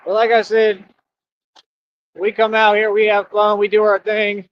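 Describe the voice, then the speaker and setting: A man's voice: sits high, monotone, measured pace, dull audio, slight background noise. A man hosting a casual livestream, laid-back and teasing, repeating his phrases and laughing often. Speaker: livestream host.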